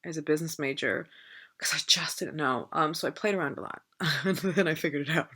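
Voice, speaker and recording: A woman's voice: deep voice, fairly quick, fairly bright tone, husky. A woman in her thirties chatting to camera in a rambling, enthusiastic way. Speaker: vlogger. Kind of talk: casual chat to camera.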